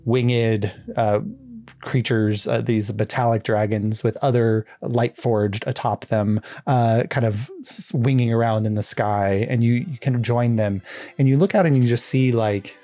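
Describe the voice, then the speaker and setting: A man's voice: mid-range voice, fairly even intonation, unhurried, warm tone. A man narrating as game master of a tabletop game in a rambling, filler-heavy way. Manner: rambling narration with many ums and likes.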